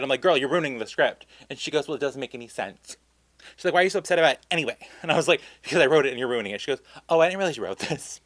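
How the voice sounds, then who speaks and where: A campy young man telling a casual storytime vlog, animated and full of asides and laughs. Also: medium pitch, no room sound. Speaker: vlogger.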